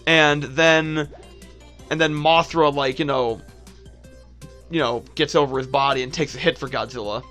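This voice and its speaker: A man co-hosting a gaming video, chatting casually and joking in loud excited bursts. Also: on the high side, unhurried, long pauses, soft background music. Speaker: co-host of a gaming channel. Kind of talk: casual chat over gameplay.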